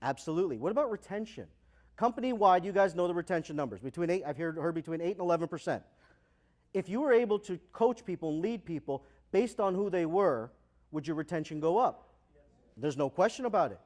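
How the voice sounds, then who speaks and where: A man giving a motivational keynote speech in a large conference hall, energetic, asking the audience questions and acting out the people in his stories. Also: sits high, brisk. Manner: energetic, asks the audience questions, acts out dialogue. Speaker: keynote speaker.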